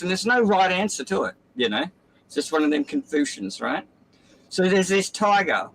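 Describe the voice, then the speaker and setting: A man's voice: mid-range voice, a bit bright, slight background noise, low-quality recording. A man telling a fable in casual, profane, rambling chat between poker hands. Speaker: poker player chatting on stream.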